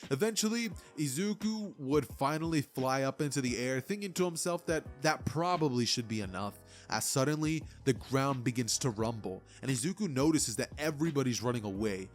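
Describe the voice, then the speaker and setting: A man's voice: mid-range voice, lively intonation, fairly quick, few pauses, faint music behind. A young man casually narrating an anime fan story in a loose, chatty way full of fillers.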